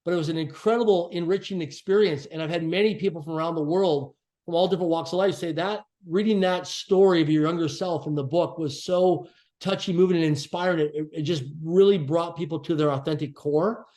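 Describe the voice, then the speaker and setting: A man as a podcast guest, telling a personal story in an earnest, reflective way and slowing down to stress key phrases. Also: on the high side, mellow. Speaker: podcast guest, author and speaker.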